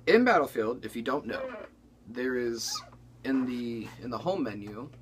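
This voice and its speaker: A man's voice: medium pitch, animated, measured pace, slight background noise. A young man hosting a comedy chat, telling a story in a rambling, casual way with lots of restarts. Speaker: comedy channel co-host.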